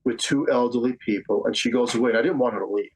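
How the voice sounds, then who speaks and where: A man in his fifties from Staten Island, speaking as an interview guest. He tells a personal story in an earnest way at a middle pitch, and he comes back to the same phrases to press his point. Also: fast talker, crowd noise, rough recording. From Staten Island, New York. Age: 50s. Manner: earnest, repeats phrases for emphasis. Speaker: psychic medium guest.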